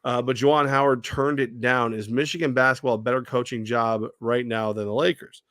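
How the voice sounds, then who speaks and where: A man's voice: mid-range voice, a little fast, no room sound, clean studio sound. A man co-hosting a sports talk show, telling stories animatedly and acting out what people said. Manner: animated storyteller who acts out quoted voices.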